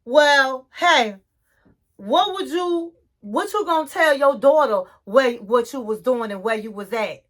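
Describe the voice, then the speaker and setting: A woman's voice: high-pitched, animated, a little slow, fairly bright tone, exaggerated voice. A woman mimicking a blunt grown man who lectures another man. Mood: lecturing.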